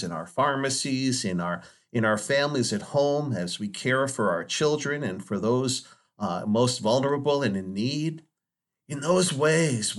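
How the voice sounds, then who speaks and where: A man speaking as a Catholic priest, giving a Sunday homily in an earnest, measured way with dramatic pauses. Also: medium pitch.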